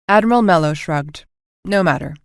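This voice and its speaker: A woman narrating a science fiction audiobook with an even, clear reading, voicing all the characters herself. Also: fairly low pitch, moderate pace, no echo, studio quality.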